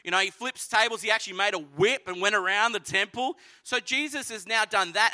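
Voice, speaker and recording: Bright, high-voiced preacher man. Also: fairly quick, few pauses. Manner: animated storytelling, acts out voices. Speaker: pastor. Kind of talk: sermon.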